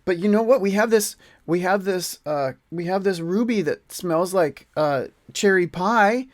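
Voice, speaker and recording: A nervous young adventurer stammers and rushes to please, his voice pushed well above the speaker's own. A man acts him out as game master. Close and dry. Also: high-pitched, no room sound, voice pushed up. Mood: eager.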